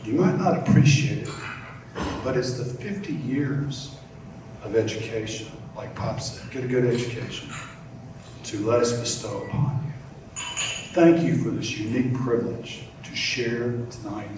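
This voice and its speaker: Older male honoree, warm storyteller, far from mic in a very roomy hall. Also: medium pitch, measured pace, background noise. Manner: heartfelt, storytelling, gentle humor. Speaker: award honoree. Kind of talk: acceptance speech. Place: large event hall.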